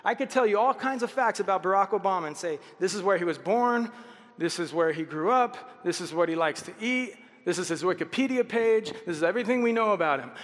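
A pastor delivering a passionate sermon. His fairly high male voice rises into loud exhortation and then drops to near silence, and it rings with a long reverb as in a large hall. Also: expressive, brisk. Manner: passionate, swings from loud exhortation to hushed quotes.

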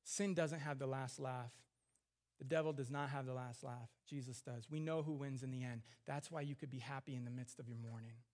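A man preaching a sermon on scripture, earnest, dropping to hushed tender lines and rising into emphatic questions. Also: medium pitch, fairly even intonation, fairly quick.

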